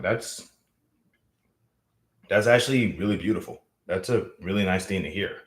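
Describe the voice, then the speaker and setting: A man's voice: on the low side, a little slow, pauses often. A man chatting casually on a live stream, rambling with many fillers and restarts. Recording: roomy echo.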